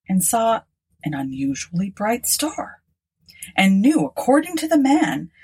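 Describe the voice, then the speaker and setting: A woman narrating an old tale as an audiobook, in a measured, expressive way. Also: mid-range voice, breathy edge.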